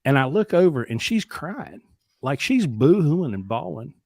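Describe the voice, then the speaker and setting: A man's voice: on the high side, big pitch swings, measured pace, creaky, a little mellow, no echo. Candid, self-deprecating man in his forties. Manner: candid, self-deprecating, reflective, with occasional swearing. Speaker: podcast co-host, trucking company. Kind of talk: casual conversational storytelling.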